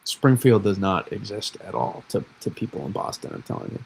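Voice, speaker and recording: A man's voice: fairly low pitch, big pitch swings, fairly quick, gravelly, a little mellow, breathy edge, poor audio. A man from New England hosting a weather livestream, rambling and self-correcting in casual chat.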